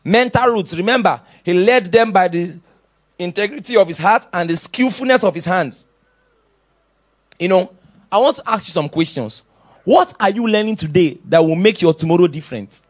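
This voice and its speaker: A Nigerian man preaches with a high voice, dropping into quiet, chuckling asides before building to loud, shouted exhortations. The sermon sounds dull and lo-fi, like a modest church recording. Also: animated, moderate pace. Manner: swings from soft asides to loud shouted exhortations, laughs often. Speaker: pastor.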